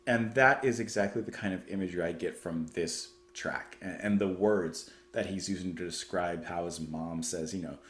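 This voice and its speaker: A man's voice: deep voice, normal speed, hardly any pauses, a bit bright, echoey room, slight background noise. A man giving casual reaction commentary on music, chatty and thoughtful as he muses aloud.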